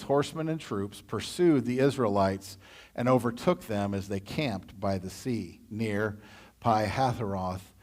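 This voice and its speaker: A man with a Midwestern American accent leading a church Bible study, reading scripture and then adding animated, conversational asides. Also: medium pitch.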